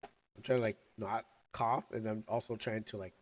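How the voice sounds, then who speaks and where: A man's voice: lowish voice, fairly even intonation. A young man who is sick and coughing chats casually as a streamer. He rambles and halts while sucking on candy. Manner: rambling, halting, talking with candy in mouth. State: sick, coughing, recovering lungs. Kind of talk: casual livestream chat.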